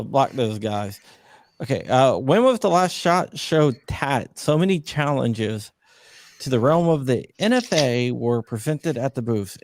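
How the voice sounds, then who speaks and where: A man's voice: mid-range voice, a little mellow, a little hiss or hum. A man hosting a live stream, reading viewer questions aloud and joking about them. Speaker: host.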